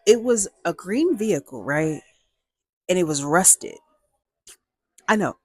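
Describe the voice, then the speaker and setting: A woman hosting a casual storytime vlog, talking in a playful, animated way and acting out dialogue with big jumps in her voice. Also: fairly low pitch, slow, breathy edge, no room sound. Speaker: storyteller host.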